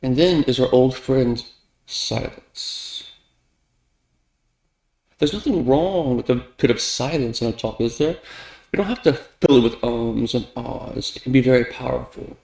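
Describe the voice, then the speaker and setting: A man reciting a well-known talk on speaking as practice, stuttering on first sounds and shifting loudness and pitch to make his points. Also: moderate pace, gravelly. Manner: lively, with big shifts in loudness and pitch for emphasis. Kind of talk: recited public speech. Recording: echoey room.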